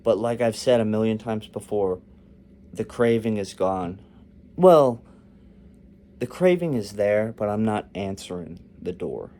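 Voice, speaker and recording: Young male vlogger, slightly low pitch, casual rambling storyteller with a joking streak. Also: expressive, a little slow, warm tone, a little hiss or hum.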